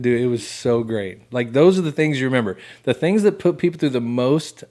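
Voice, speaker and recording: A man's voice: mid-range voice, brisk, few pauses. A man hosting a veterans' podcast in casual chat, laughing often and acting out quotes. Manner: laughing, animated, acts out quotes.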